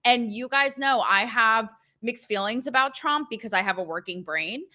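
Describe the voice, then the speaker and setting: Bright-voiced chatty woman host. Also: a little high, animated, normal speed. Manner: chatty, sarcastic, full of fillers and asides. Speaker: show host. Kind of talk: casual opinion commentary.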